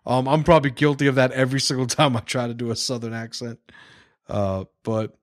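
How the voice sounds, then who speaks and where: A man's voice: mid-range voice, steady tone, fairly quick, no room sound, studio quality. A man hosting a casual livestream podcast, rambling, swearing freely and restarting his sentences. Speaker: podcast host.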